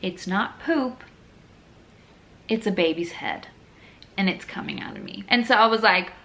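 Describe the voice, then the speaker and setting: A woman's voice: medium pitch, sing-song, measured pace, creaky, a bit bright, a little hiss or hum. A young woman telling her own birth story in a frank, casual, chatty way. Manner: candid, frank, chatty with many fillers.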